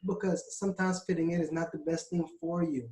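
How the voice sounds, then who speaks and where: A man's voice: a little high, steady tone, fairly quick, dark tone. A man from the West Indies co-hosting a casual podcast, making his case in an indignant, argumentative tone. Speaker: podcast co-host. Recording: roomy echo.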